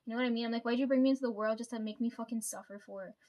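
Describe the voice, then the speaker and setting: A woman's voice: on the high side, fairly even intonation, racing, mellow. Swearing, venting young woman vlogger. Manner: venting, frequent swearing and "right?" fillers. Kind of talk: casual personal vlog.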